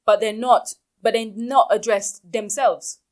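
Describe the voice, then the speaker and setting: A woman's voice: fairly high pitch, fairly even intonation, a little slow. A woman hosting a casual podcast recap, blunt and exasperated in her opinions. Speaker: podcast host.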